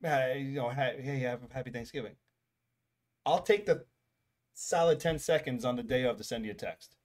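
A man's voice: medium pitch, normal speed. Male podcast co-host, casual, rambling, exasperated, laughs a lot. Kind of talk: casual chat.

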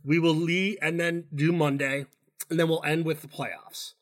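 Man, slightly high voice, casual sports chat, swears freely, rambles with restarts. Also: steady tone, moderate pace, a bit bright. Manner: loose, profane, rambling with restarts. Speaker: podcast co-host.

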